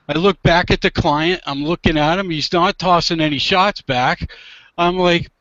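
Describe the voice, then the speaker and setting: A man, a divorce attorney and guest, telling a funny story casually and acting out the quotes loudly. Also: sits high, moderate pace, no room sound, highs cut off. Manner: animated, acts out quotes loudly.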